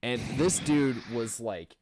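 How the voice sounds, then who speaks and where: A man's voice: mid-range voice, takes it slowly, background noise. A young man from the American Midwest telling a podcast story in casual chat, with many fillers and a lot of swearing.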